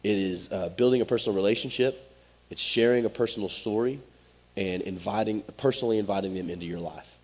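A man's voice: fairly low pitch, brisk, darkish tone, slightly rough. A man, preaching a sermon as pastor in a direct, conversational way. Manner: direct, conversational, Southern-tinged "y'all" asides.

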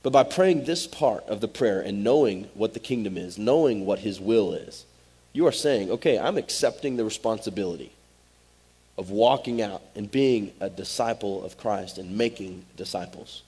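A man's voice: lowish voice, animated, normal speed, dark tone, breathy edge. A man, preaching a sermon as pastor in a direct, conversational way. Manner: direct, conversational, Southern-tinged "y'all" asides.

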